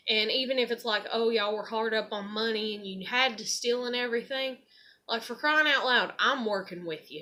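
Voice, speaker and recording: Heated, sharp-voiced woman ranting. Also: on the high side. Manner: heated, profane, rambling. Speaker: vlogger. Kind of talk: ranting personal story.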